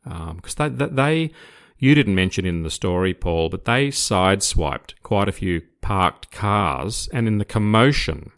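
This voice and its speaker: An older Australian man, a retired police officer, recounts his career in casual conversation. His deep, fairly bright voice is expressive and a little slow, with hardly any pauses. He starts hesitant, repeating words, but the story grows vivid.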